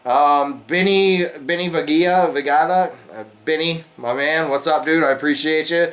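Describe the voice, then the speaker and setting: A man hosting a casual beer vlog, talking in a relaxed, rambling way with lots of fillers while he sips beer. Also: a little high, moderate pace. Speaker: beer review vlogger, channel host. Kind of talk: casual chat to camera.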